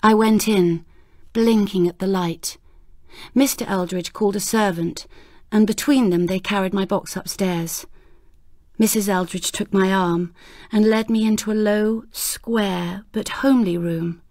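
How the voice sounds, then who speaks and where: A woman narrating a ghost story audiobook in a measured, unhurried way. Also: mid-range voice, steady tone, darkish tone, no room sound, clean studio sound.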